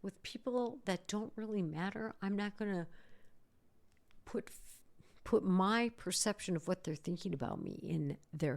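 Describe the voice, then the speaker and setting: A woman's voice: mid-range voice, measured pace, gravelly. A middle-aged woman hosting a podcast, talking casually and acting out worried inner voices. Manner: animated, acts out inner voices. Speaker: podcast host, psychologist.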